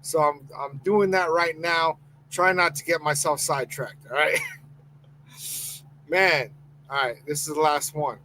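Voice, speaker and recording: A man's voice: on the high side, steady tone, unhurried, long pauses, sharp tone, slight background noise, rough recording. A man hosting a live sports podcast, ranting heatedly and reading chat comments aloud. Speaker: podcast host.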